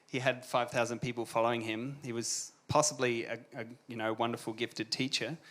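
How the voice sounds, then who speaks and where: Male panelist, mid-pitched, easygoing and thoughtful, slips in wry asides. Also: steady tone, a little fast, fairly bright tone. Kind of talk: panel discussion.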